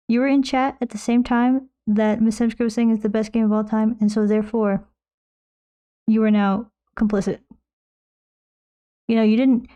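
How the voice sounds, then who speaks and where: A woman's voice: fairly high pitch, dark tone. A woman streaming while she paints, chatting in a rambling, jokey way and slipping into silly voices. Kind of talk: casual chat while painting.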